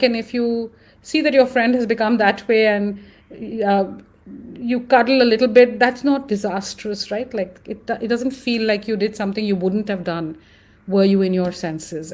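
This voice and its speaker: Thoughtful woman with an Indian English accent. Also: on the high side. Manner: thoughtful, animated, frequent fillers. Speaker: guest. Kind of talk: conversational interview.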